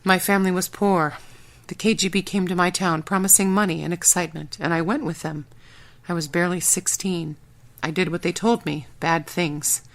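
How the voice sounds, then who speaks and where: A woman's voice: on the low side, steady tone, moderate pace, close to an everyday voice. A woman voicing an earnest, burly former spy, a Swedish man with a Swedish accent, in an audiobook.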